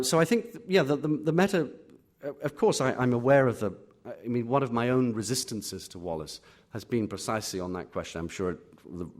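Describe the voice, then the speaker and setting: English male critic, lowish voice, halting live Q&A delivery in an auditorium. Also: darkish tone. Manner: hesitant, many fillers and restarts. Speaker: literary critic speaking to an audience. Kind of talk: live Q&A at a reading.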